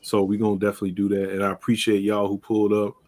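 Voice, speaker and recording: A man's voice: on the low side, monotone, rapid-fire, darkish tone. A man hosting a livestream roundtable, talking in a laid-back, slangy way and laughing often. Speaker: livestream host. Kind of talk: casual chat.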